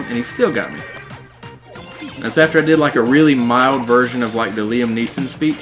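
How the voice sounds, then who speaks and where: A male gaming streamer commenting live on a match, his voice at an ordinary mid-range pitch. He talks casually and excitedly, shouts out game callouts, and reads chat messages aloud. Faint game music runs underneath. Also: moderate pace.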